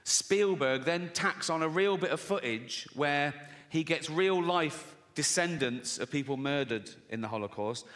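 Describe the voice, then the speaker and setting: A man's voice: on the high side, lively intonation, unhurried, few pauses, a bit bright. A man doing crude, sardonic stand-up comedy on a live stage, often breaking into laughter. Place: live stage before an audience.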